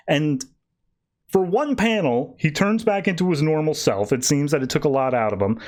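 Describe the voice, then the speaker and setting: Guy on a comics podcast recapping an issue, kinda high voice, doing little character bits as he goes. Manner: animated retelling, voicing characters in quick asides. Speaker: podcast host.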